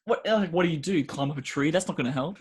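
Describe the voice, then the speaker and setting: A man co-hosting a casual podcast, reacting with quick exclamations and questions. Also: fairly high pitch, slight background noise. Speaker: podcast co-host. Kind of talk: casual chat.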